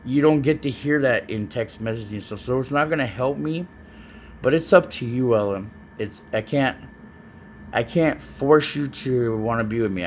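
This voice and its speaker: A man recording a personal video message to his child, talking in an earnest, halting way and often repeating words as he searches for what to say. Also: mid-range voice, slight background noise. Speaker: parent speaking to his child. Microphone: self-recorded video, facing the camera.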